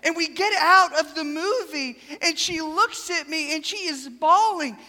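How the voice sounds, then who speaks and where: A preacher delivering a sermon to a church, telling stories with dramatic swings between loud and soft. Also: extremely high pitch, measured pace, in a large hall. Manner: animated storytelling with dramatic swings in loudness.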